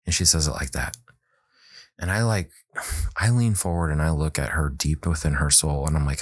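A man's voice: very deep voice, moderate pace, breathy edge, dry recording. A man in his thirties, a children's book author, telling a story in casual conversation and acting out the quoted dialogue. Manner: animated, acts out quoted dialogue.

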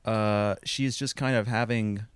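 A man's voice: fairly low pitch, fairly even intonation, measured pace, clean tone, no room sound. A man co-hosting a podcast, telling a long wry anecdote in a casual, rambling way, full of "like" and restarts. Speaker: podcast co-host.

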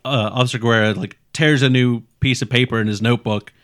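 A man running a tabletop game, narrating scenes casually and wandering through his sentences. His voice sits at an ordinary middle pitch. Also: fairly quick. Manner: relaxed, rambling, filler-heavy. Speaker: game master.

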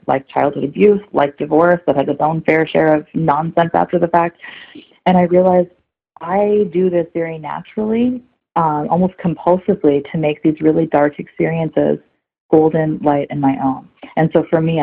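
A woman in her thirties talks through a thin, phone-like line, her voice a little husky and breathy. She speaks earnestly and reflectively, often reaching for casual fillers as she thinks aloud. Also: low voice, moderate pace. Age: 30s. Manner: earnest, reflective, heavy use of "like". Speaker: guest. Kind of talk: candid conversational interview.

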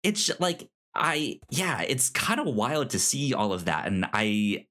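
A man co-hosting a video game podcast, talking casually with many restarts and hesitations. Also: medium pitch. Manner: lively, laughing, halting restarts. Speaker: podcast co-host. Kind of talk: casual chat.

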